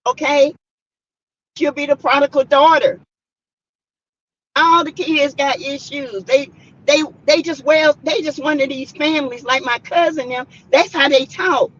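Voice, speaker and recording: A middle-aged woman with a Southern US accent, chatting casually on a live stream and reading viewer comments aloud, emphatic and animated when telling stories. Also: high voice, measured pace, highs cut off. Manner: emphatic, animated storytelling with loud bursts. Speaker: vlogger reading live chat.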